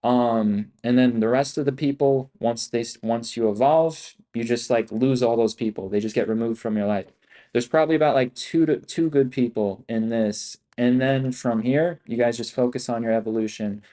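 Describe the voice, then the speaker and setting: A man with a mid-range, dark-toned voice speaks at normal speed while hosting a livestream as an options trader. His casual talk is hyped, profane, and slangy, and he repeats himself a lot.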